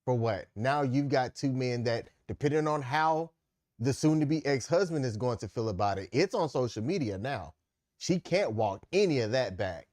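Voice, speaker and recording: A man co-hosting a podcast who explains his points in a measured way and now and then breaks into playful exclamations. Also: mid-range voice, lively intonation, a little mellow, no echo, studio quality. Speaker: podcast co-host. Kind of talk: casual opinion chat.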